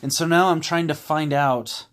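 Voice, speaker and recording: A man telling a personal story in a candid, rambling way, pausing with "um" and "you know". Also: on the high side, fairly even intonation, a bit bright. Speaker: vlogger.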